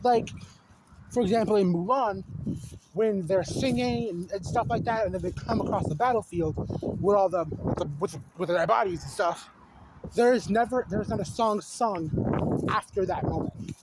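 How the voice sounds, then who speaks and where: A man's voice: high-pitched, normal speed, heavy background noise. A man giving a casual, rambling film rant to a phone camera, exasperated and full of restarts and fillers. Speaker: video essayist.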